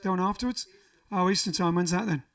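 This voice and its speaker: Bright-voiced man hosting from afar. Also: sits high, fast. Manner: rambling, reads out viewer comments with asides. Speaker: band frontman and livestream host. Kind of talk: casual livestream chat between songs. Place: living room. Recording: voice a little far from the mic, faint music behind.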